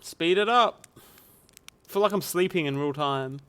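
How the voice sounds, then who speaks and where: A man's voice: fairly high pitch, a little slow, fairly bright tone, clean tone. A man streaming live, commenting on his gameplay and talking to his chat. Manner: chatty, talks to chat.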